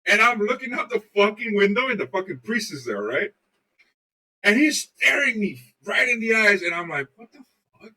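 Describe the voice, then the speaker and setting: Guy on a podcast rambling and swearing nonstop, raspy but bright tone, mic kinda far off. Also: sits high, big pitch swings, moderate pace. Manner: profane, loose, swears constantly. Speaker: podcast co-host. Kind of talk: casual chat, rambling storytelling.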